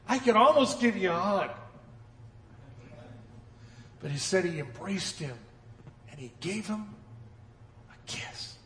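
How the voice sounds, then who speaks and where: A man with a high voice preaches a sermon. He mixes folksy jokes with dramatic drops to near-whispers. His words ring out with the long echo of a large church hall. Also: sing-song, slow, long pauses, fairly bright tone, slight background noise. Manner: folksy humor. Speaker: pastor.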